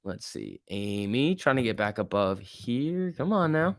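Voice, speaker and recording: A man hosting a casual livestream, giving excitable running commentary and answering chat. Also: on the low side, unhurried, no room sound, studio quality. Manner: excitable, reacts aloud and reads chat. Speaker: livestream host. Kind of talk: casual live market commentary.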